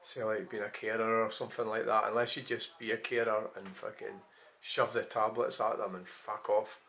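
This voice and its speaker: A man's voice: fairly low pitch, little pitch movement, moderate pace, fairly bright tone. A man talking in a rambling, frank monologue, swearing freely and often restarting his sentences. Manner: rambling, frank, frequent swearing and self-corrections. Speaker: vlogger. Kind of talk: casual monologue.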